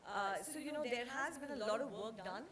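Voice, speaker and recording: A woman speaks on a conference panel in a conversational way, often saying "you know". Her voice is a little high. Heavy audience noise is heard in the hall behind her. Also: a little fast, crowd noise.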